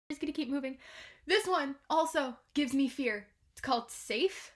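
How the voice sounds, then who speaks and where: A woman reviewing an album in a reaction video, excitable and swearing, swinging between hushed whispers and shouts. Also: high-pitched, moderate pace. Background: album music playing.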